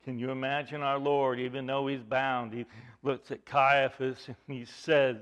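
Slow, forceful preacher man. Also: medium pitch, flat delivery, clear, resonant tone. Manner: dramatic storytelling with rhetorical questions, swinging from loud emphasis to hushed. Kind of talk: sermon.

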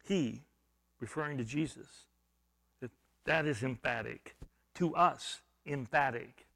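A man preaching a verse-by-verse sermon, explaining grammar and repeating phrases for emphasis, swinging between loud stressed words and quiet, low asides. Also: slow pace, gravelly. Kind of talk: expository sermon.

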